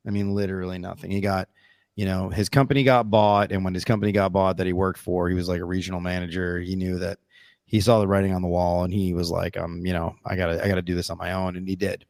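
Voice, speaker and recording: A man's voice: sits low, no room sound. A man hosting a podcast, telling a reflective, rambling personal story in casual chat. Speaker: podcast host.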